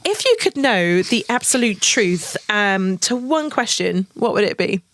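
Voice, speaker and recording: A woman's voice: mid-range voice, lively intonation, measured pace, fairly bright tone. A woman hosting a podcast, chatting casually and enthusiastically with a guest, often laughing. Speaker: podcast host. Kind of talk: casual interview chat.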